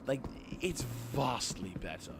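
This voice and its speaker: Rambling, sweary British streamer. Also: male voice, mid-range voice, very animated, a little slow, gravelly, background noise. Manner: rambling, sweary, self-deprecating. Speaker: game streamer. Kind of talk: casual gameplay commentary.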